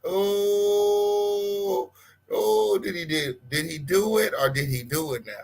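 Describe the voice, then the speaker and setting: A man hosting a live-stream gossip show, calling out viewers with sassy, flamboyant shout-outs and big swoops in pitch. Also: very animated, slow pace. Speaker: livestream host.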